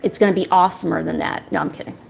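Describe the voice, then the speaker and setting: A woman's voice: on the low side, fairly even intonation, very fast, vocal fry, a little hiss or hum. A young woman streaming while she draws, chatting casually in a rambling, self-deprecating, jokey way. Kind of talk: casual chat while drawing.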